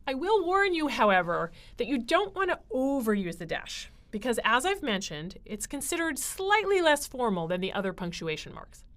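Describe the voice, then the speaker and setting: Woman writing instructor, animated pitch, explains patiently with ums and uhs. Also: normal speed, few pauses. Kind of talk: recorded grammar lecture.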